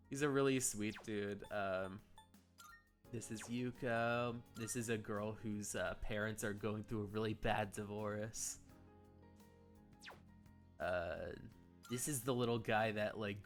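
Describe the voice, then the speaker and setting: A man's voice: medium pitch, fairly bright tone. A man streaming a game and chatting casually, rambling and gushing with frequent giggles. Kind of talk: casual gameplay commentary.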